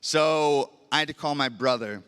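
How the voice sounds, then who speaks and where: A young man preaching with a crisp, clear voice and a bright, forceful edge. He tells a personal story earnestly and now and then grows emotional. The sound rings with the long reverb of a large church hall. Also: a little high, moderate pace. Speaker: pastor.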